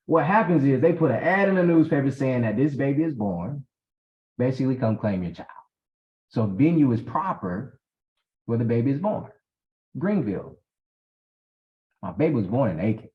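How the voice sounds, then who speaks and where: A man tells his own story with emphatic energy. He acts out conversations, and his voice jumps up high for emphasis before settling back to a mid range. The audio sounds dull and lo-fi. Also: moderate pace, pauses often. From South Carolina. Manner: animated, emphatic, acts out dialogue with big pitch swings. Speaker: guest. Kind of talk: personal storytelling.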